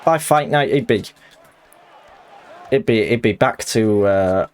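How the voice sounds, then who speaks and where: A man chatting excitably and jokily while streaming a fighting game live. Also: lowish voice, takes it slowly. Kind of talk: live gaming commentary.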